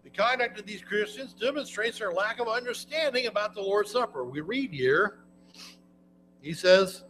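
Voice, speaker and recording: High-voiced preacher teaching scripture. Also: male voice, animated, normal speed, fairly bright tone, faint music behind, low-quality recording. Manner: conversational, folksy, with many restarts and fillers. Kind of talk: sermon, Bible class teaching.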